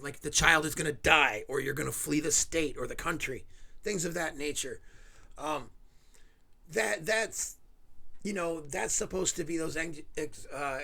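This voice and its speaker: A man delivers a heated, sarcastic rant, swearing as he goes. His voice sits a little high and has a gravelly edge. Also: bright, forceful tone. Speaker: video host. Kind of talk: angry ranting commentary.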